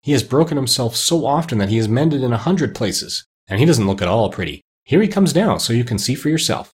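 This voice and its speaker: Brief: man putting on a prim, fearful little china princess for a storybook, husky voice. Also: mid-range voice, very animated, a little fast, a little mellow. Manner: frightened, prim and polite. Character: timid delicate young china princess.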